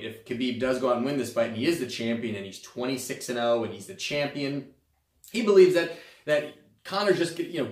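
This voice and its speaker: A man's voice: mid-range voice, echoey room, far from the mic. A man hosting a sports podcast, talking loosely and casually with many fillers and restarts. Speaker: host. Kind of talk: sports betting podcast commentary.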